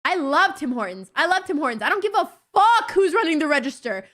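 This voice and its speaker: A young woman streamer chatting casually with her viewers, blunt, excitable and swearing constantly. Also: sits high, brisk. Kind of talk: casual livestream chat with viewers.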